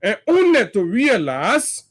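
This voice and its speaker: A Liberian man with a high-set voice hosts a radio talk show, delivering political commentary with passion. He mocks his targets and keeps throwing rhetorical questions at his listeners. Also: huge pitch swings, slow. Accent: Liberian English. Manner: impassioned, mocking, fond of rhetorical questions.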